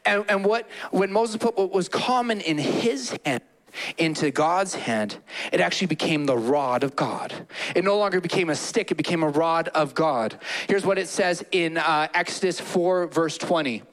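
A man preaching a sermon as a pastor in a church, animated, acting out quotes with playful voices. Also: fairly high pitch, normal speed.

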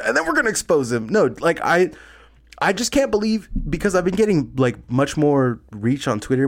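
A man co-hosting a podcast in casual chat, telling stories with lots of laughter and acting out the people he quotes. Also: mid-range voice. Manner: animated storytelling, laughs often, acts out quotes. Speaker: podcast co-host.

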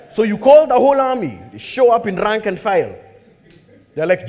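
A man preaching a sermon, animated and humorous, acting out bits of dialogue as he tells a story. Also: high-pitched, moderate pace, big-room sound. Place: church hall.

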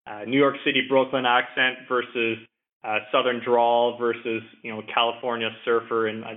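A man's voice: medium pitch, level tone, moderate pace. A man from Ottawa, Canada, a podcast guest who talks easily, with many fillers and repeated words. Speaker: podcast guest, energy professional. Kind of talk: casual interview conversation. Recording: tinny phone-like line.

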